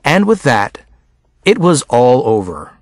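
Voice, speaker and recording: A man's voice: big pitch swings, slow pace, dry recording. A man reading a novel aloud as scripted audiobook narration, acting out the characters' lines. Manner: acts out each character's lines with raised pitch.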